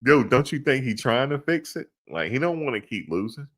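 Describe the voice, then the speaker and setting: A man's voice: mid-range voice, sing-song, brisk. A man co-hosting a sports podcast in casual chat, slangy and laughing often.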